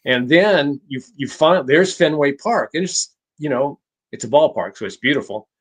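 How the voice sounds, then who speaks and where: A man appearing as an author guest on an interview show, telling stories in a measured way that often halts and restarts. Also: on the high side, animated, slightly rough. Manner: measured, halting with frequent restarts. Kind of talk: conversational storytelling.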